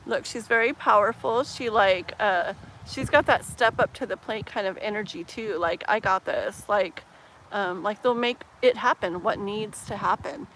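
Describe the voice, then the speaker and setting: Brief: woman, live-stream tarot reader, casual and rambling, mid-pitch, faint background noise. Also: low-quality recording. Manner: casual, filler-heavy, with soft laughs; slows down and muses while shuffling.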